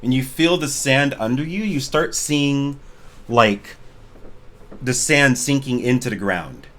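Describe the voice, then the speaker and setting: A man's voice: medium pitch, takes it slowly, fairly bright tone. A man narrating as game master for an online tabletop game, talking casually with lots of "like" as he describes the scene. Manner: casual, filler-heavy narration. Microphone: online voice call.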